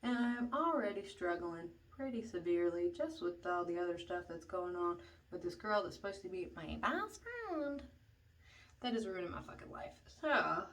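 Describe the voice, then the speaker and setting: A woman's voice: lowish voice, lively intonation, normal speed, distant mic. A young woman telling a story in a casual vlog while doing her makeup, chatty and profane, with lots of "like". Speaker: beauty vlogger telling a story.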